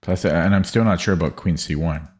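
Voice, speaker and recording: A man with a very low voice talks to himself while working through chess puzzles. He mutters and hesitates, restarting his sentences and trailing off as he calculates, close to a desk mic. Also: brisk, darkish tone. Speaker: streamer. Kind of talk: thinking aloud while solving chess puzzles.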